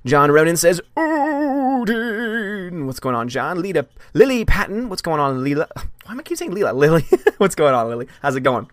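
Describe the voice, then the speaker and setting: A man hosts a live movie stream, greeting his chat with animated, friendly energy. His voice sits a little high for a man. The sound is close and dry, with no room echo. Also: moderate pace. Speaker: movie blog host. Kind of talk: live stream chat, reading viewer comments.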